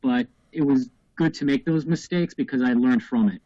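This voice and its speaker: A man in his thirties on a casual podcast panel, talking in a measured, reflective way with some restarts. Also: medium pitch, mellow, lo-fi sound. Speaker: podcast co-host.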